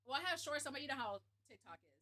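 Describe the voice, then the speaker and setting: A woman streamer tells a story to her live chat with animation and candor. Her voice sits high and rings bright. She laughs easily and swears without pause. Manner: animated, laughing, frank and profane.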